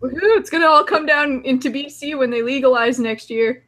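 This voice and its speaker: A woman's voice: sits high, brisk, fairly bright tone. A Canadian woman hosting a casual group chat, teasing and laughing often.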